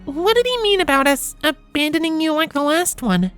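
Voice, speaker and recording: A man's voice: very high-pitched, expressive, moderate pace, a bit bright, soft background music, voice pushed up. A man voicing an anxious, earnest young female pony scholar in a fanfiction reading, eager and pleading.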